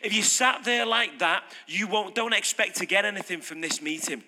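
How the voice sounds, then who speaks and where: A man's voice: high-pitched, moderate pace, bright, forceful tone. A man preaching an off-the-cuff sermon, emphatic and repeating phrases for punch. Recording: long hall reverb.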